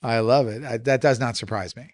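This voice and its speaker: A male podcast host asks chatty, friendly questions that often wander before he gets to the point. His voice sits at a middling pitch. The recording is dry and close. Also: fairly even intonation, fairly quick, no echo. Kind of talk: casual interview.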